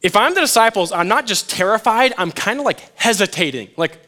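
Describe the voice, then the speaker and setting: A youth pastor gives a casual, conversational sermon, joking around, acting out quotes from the stories, and calling his audience "you guys." He's animated, with a high-pitched voice, a fairly quick pace, and hardly any pauses.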